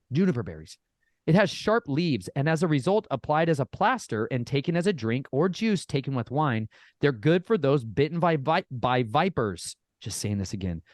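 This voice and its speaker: A man talking casually as a podcast guest, folksy and animated, often addressing listeners as y'all. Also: medium pitch, no echo, clean studio sound. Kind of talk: casual storytelling chat.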